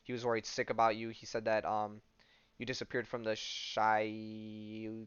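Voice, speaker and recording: A protective older brother checks on his sister, as a man reads the part in his usual voice. The voice is low and smooth, recorded dry and slightly dull. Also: completely flat delivery, moderate pace, a bit bright, no room sound, lightly acted. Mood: concerned.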